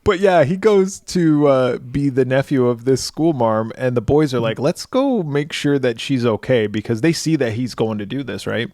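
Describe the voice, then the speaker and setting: A man's voice: mid-range voice, a little mellow, no room sound, studio quality. A man co-hosting a horror film podcast, casually retelling a movie plot with lots of swearing and laughter. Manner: laughing, profane, acts out characters in quick voices. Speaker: podcast co-host.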